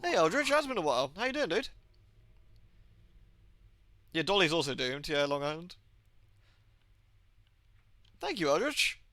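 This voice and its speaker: A man's voice: on the high side, very animated, a little slow, long pauses, pushed and bright. A young man with a mix of Birmingham and Southwest English accents, chatting and joking while he streams a game. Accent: mix of Birmingham and Southwest England. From England. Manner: chatty, jokey, laughs often. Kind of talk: casual gaming commentary.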